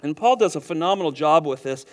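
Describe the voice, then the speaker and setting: A man preaching a sermon, animated and chuckling now and then as he repeats words and teaches through a passage. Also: on the high side, quick pace. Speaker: pastor.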